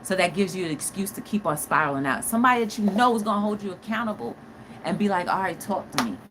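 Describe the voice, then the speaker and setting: A woman's voice: mid-range voice, fast, noisy background. A woman hosting a casual live-stream talk show, chatting with viewers in a playful, dramatic way. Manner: animated, playful, dramatic exclamations. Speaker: talk show host reading live chat.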